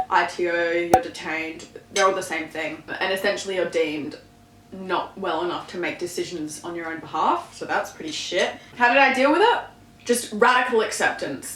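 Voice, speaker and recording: A woman's voice: on the low side, a bit bright, roomy sound, slight background noise, poor audio. A young woman vlogger chatting casually and candidly through a Q&A while eating, swearing freely and laughing easily. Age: young adult.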